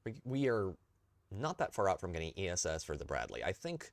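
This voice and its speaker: A man's voice: deep voice, very animated, fairly quick, vocal fry, no echo. A young man streaming a tank game, tired and rambling in a self-deprecating way while talking to his chat. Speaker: gaming streamer. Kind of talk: casual live-stream commentary.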